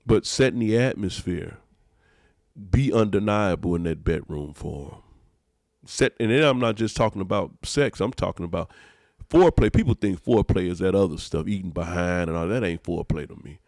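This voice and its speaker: A man's voice: deep voice, lively intonation, normal speed, darkish tone, dry recording, clean studio sound. A man, a pastor hosting a podcast, preaching emphatically in casual talk and repeating his phrases.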